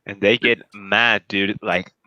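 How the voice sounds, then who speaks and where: A man's voice: fairly low pitch, steady tone, takes it slowly, sharp tone, dull audio. A young man in casual chat with friends who often says "dude".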